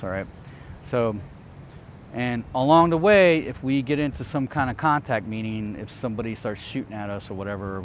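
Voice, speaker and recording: A man's voice: mid-range voice, a little hiss or hum. A man hosting his own show, telling a personal story in a casual, conversational way and often checking in with the listener. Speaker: host recounting his past as a security contractor. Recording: slightly dull, lo-fi sound.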